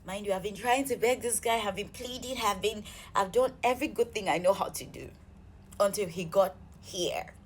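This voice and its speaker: A woman telling an exasperated storytime vlog, animated and swearing freely. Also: medium pitch, moderate pace, a little hiss or hum. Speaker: vlogger.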